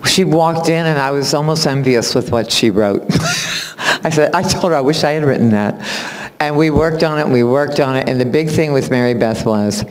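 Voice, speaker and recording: A man, a music teacher, giving a spoken introduction at a recital in animated storytelling fashion, acting out what people said and laughing often. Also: fairly high pitch, moderate pace. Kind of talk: spoken tribute speech at a recital. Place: recital hall. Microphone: far camera. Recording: long hall reverb from a camera.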